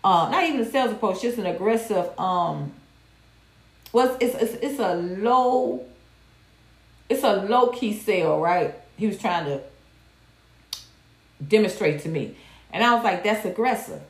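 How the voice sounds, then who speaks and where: A woman talks straight to her livestream viewers, blunt and profane with animated swings. Her mid-range voice carries a roomy echo. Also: mid-range voice, unhurried, long pauses. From Georgia, USA. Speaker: livestream host. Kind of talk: candid casual commentary.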